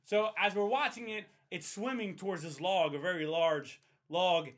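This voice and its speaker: A young man with a high-pitched voice speaks at normal speed as a podcast storyteller. He tells friends a long story in casual chat, swearing a lot and animatedly acting out the voices of the people involved.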